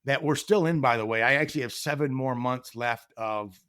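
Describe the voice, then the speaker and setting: A man's voice: medium pitch, fairly quick, fairly bright tone, clean tone, no room sound, studio quality. A middle-aged man telling a candid personal story as a podcast guest, earnest and reflective, voicing the people in it. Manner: earnest, reflective, acts out quoted dialogue.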